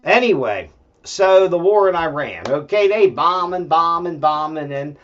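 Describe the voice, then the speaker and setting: A man's voice: on the high side, lively intonation, unhurried, fairly bright tone. A male host giving a rambling, profane political rant full of fillers and restarts, and talking aside to his dog at home. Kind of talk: solo political commentary rant. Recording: dull lo-fi sound.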